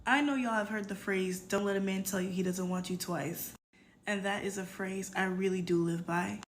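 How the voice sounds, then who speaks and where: A woman telling a storytime vlog, measured and earnest, building emphasis as she goes. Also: mid-range voice, fairly even intonation. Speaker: storytime creator.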